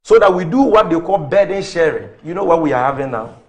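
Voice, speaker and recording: This man speaks fast, with a fairly high, expressive voice and a Ghanaian English accent. He's a political commentator on a talk show, arguing his case through a stream of rhetorical questions and numbers.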